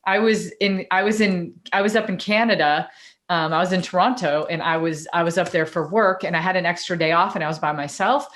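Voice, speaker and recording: A woman co-hosting a podcast, telling a personal story in a chatty, animated way. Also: lowish voice, a little fast. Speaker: podcast co-host and coach. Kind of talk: casual storytelling in conversation.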